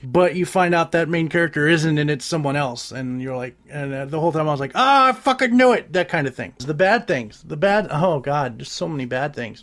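A man casually reviewing a gadget and a movie, rambling, swearing often, with lots of restarts. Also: on the high side. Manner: profane, animated, rambling with restarts. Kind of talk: casual crude review chat.

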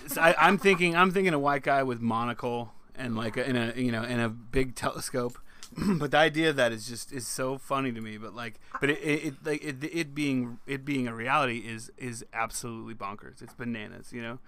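A man hosts a casual podcast chat. His voice is bright and a little sharp, and he stammers through restarts while he jokes and swears. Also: medium pitch, fairly quick. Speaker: podcast host.

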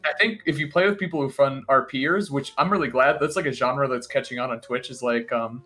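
A young man chatting casually and enthusiastically about games, telling quick stories. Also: mid-range voice, pushed and bright. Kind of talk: casual chat.

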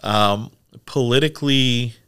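A man's voice: mid-range voice, slow, pushed and bright, smooth. A man co-hosting a casual tech podcast, chatty and rambling with lots of fillers. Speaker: podcast co-host. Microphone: studio microphone.

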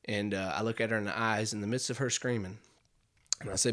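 A man hosting a podcast, telling a comedic story in a rambling, animated way and calling the listener "dude". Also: lowish voice, quick pace. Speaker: podcast host.

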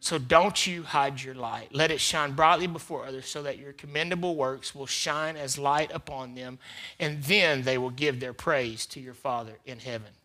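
Recorded live in church, this preacher speaks at a medium pitch and an ordinary pace. He's a man leading his congregation as pastor, echoing key phrases and moving between booming emphasis and hushed asides.

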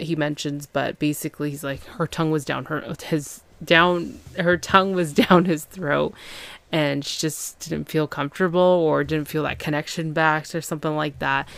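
A woman's voice: low-pitched, no echo. A woman hosting a casual TV recap podcast, chatty and full of fillers, paraphrasing the characters as she goes. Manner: chatty, filler-heavy, quotes characters loosely. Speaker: podcast host.

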